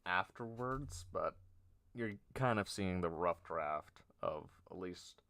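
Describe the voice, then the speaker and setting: A man streamer improvising a story aloud, halting and nervous, often trailing off and poking fun at himself. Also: low voice, animated, fairly bright tone. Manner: halting, nervous, self-deprecating.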